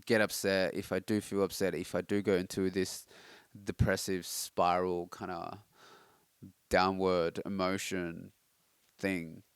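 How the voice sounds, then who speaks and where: A man's voice: low-pitched, little pitch movement, a little slow, clean tone, no echo. A young man talking reflectively on a late-night personal vlog, rambling with many fillers and restarts, his throat itchy and tired. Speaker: vlogger.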